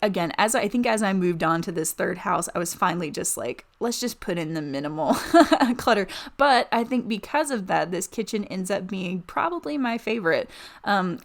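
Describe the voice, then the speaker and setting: Gushing, gravelly-voiced woman chatting. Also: medium pitch. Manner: chatty, gushing, rambling with many fillers. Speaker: Sims building YouTuber. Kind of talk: casual voice-over commentary.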